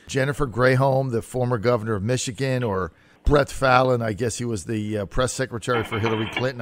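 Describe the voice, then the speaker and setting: A male talk radio host speaks quickly and with conviction. His voice is recorded close and dry, with no room sound around it. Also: medium pitch, no echo.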